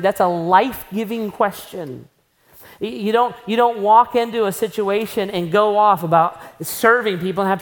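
A woman preaches a sermon at a mid pitch, talking conversationally to her listeners. Her voice rings with the long reverb of a large church hall. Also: a bit bright. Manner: conversational, acts out scenes.

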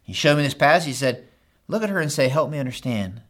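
A preaching man, voice a bit high. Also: fast talker. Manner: animated preaching, swings from loud urging to hushed asides; talks straight to the men in the crowd. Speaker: pastor. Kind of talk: sermon.

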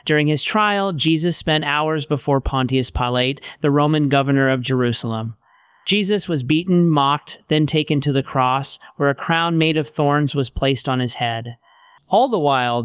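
A man's voice: medium pitch, clear, resonant tone, dry recording. A man narrating a Bible story in a conversational way with modern paraphrases, on a close studio mic.

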